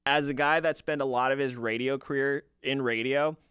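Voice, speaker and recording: A man's voice: medium pitch, moderate pace, clear, resonant tone, dry recording. A man co-hosting a casual podcast, chatting about cartoons and basketball and retelling scenes with laughter. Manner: animated storyteller, laughs while retelling scenes. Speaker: podcast co-host. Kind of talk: casual sports and pop culture chat.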